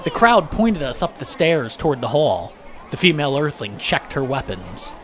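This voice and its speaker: A man narrating a first-person story aloud with lively, dramatic delivery. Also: on the high side, moderate pace, background noise. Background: background music.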